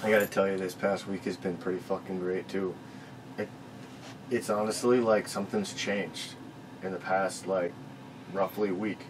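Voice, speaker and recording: A man's voice: low-pitched, level tone, normal speed, noisy background. Laid-back, profane storytelling man. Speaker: podcast co-host. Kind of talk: casual chat.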